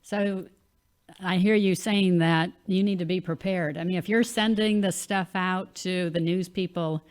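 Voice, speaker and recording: A woman's voice: lowish voice, fairly even intonation, a little slow, darkish tone. A woman hosting an interview, giving brief encouraging replies. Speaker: show host. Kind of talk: casual interview.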